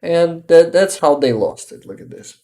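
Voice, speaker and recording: A man with a Ukrainian accent chatting casually on a livestream, exhausted and halting, often restarting words. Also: fairly high pitch, lively intonation, mellow. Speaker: livestream host.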